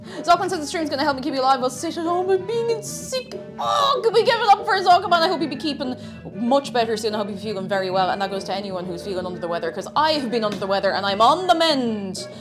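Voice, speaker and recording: A woman's voice: high voice, expressive, quick pace. A young woman chatting on a live cooking stream, bubbly and sing-song as she greets her chat from a home kitchen. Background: faint background music.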